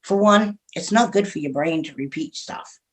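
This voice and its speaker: A woman's voice: on the low side, normal speed. A middle-aged woman, a radio host, talking frankly and chattily as a guest in a casual interview, laughing often.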